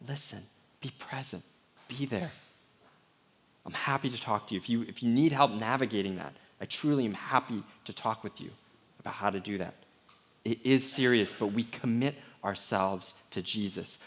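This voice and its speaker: A man's voice: medium pitch, moderate pace. Candid, conversational male pastor preaching. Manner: candid, conversational preaching with soft, hushed moments. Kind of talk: sermon.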